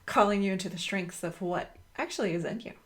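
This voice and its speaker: A woman's voice: medium pitch, fast talker, a crowd in the background. A woman hosting a podcast in casual conversation, chatty and laughing, prompting her guest. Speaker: podcast host. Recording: noisy recording.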